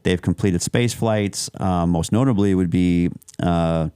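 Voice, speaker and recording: Deep smooth-voiced man on a podcast. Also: a little slow, warm tone, dry recording, studio quality. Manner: rambling, many restarts and fillers. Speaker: podcast co-host. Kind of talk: casual chat.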